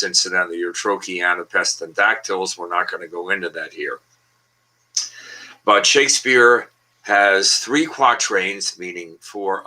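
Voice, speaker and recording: A man's voice: on the low side, pushed and bright, low-quality recording. A man co-hosting a casual online show, explaining poetic meter in a lecturing way with asides over a video call. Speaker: author and co-host.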